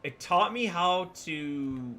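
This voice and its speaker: A man's voice: high voice, lively intonation, takes it slowly, pushed and bright. A man in his twenties commentating a game, rambling and musing with lots of fillers. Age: 20s. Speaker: let's play host. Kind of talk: casual gaming commentary.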